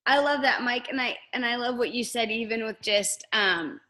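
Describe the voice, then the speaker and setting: A woman's voice: on the high side, normal speed, sharp tone. A woman guest sharing a casual story, bubbly and a little self-conscious, with a lot of "like". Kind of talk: casual anecdote to an audience.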